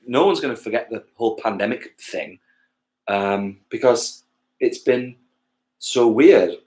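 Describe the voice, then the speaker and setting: A man from England, a touring musician, chatting casually to livestream viewers between songs, rambling and losing his thread, with casual swearing and self-mocking jokes. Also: medium pitch. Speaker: musician hosting a livestream gig.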